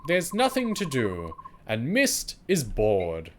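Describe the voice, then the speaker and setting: A streamer reading a game aloud and voicing a young mercenary leader in a blunt, low delivery. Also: wildly swooping pitch, slow pace, a little hiss or hum.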